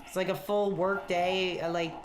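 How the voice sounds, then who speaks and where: Excitable man streaming a game. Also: sits high, moderate pace, poor audio. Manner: excitable, loud outbursts, rambling. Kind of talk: excited gameplay commentary.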